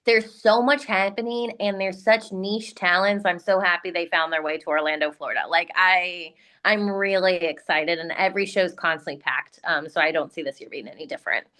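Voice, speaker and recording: Excited woman cohost on a video call, chatty and opinionated. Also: on the low side, normal speed, hardly any pauses. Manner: enthusiastic, animated opinions. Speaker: podcast co-host. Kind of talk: casual chat.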